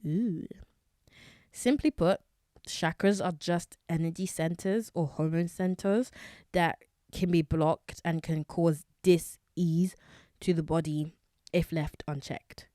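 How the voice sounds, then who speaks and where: Woman host, young, low voice, dry close sound, chatty with many fillers, casual solo podcast. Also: steady tone, takes it slowly, warm tone, dry recording.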